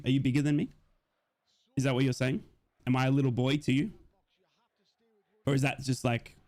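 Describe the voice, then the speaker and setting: A man's voice: mid-range voice, a little mellow. A young man with a chatty manner, hosting a live football watch-along and talking straight to viewers in chat.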